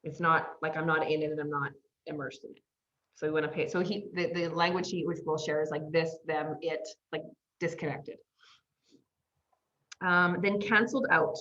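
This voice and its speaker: A woman coach leads an online masterclass. She speaks in an animated way, acts out the phrases she quotes and laughs often. Her voice sits a little low, and the audio is a bit dull and lo-fi. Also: normal speed.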